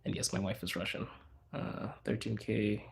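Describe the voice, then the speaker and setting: A man from Zimbabwe hosting a casual livestream, chatting loosely with viewers and answering their questions in a relaxed, slangy, rambling way. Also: lowish voice, moderate pace, creaky. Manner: relaxed, slangy, rambling with fillers and self-corrections. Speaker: livestream host.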